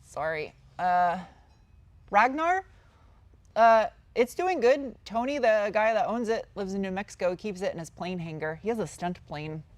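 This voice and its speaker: A woman's voice: mid-range voice, lively intonation, unhurried, dry recording. A woman casually answering viewer questions on a live stream, rambling and chatty as she reads out each question. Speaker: car-build YouTuber answering live chat.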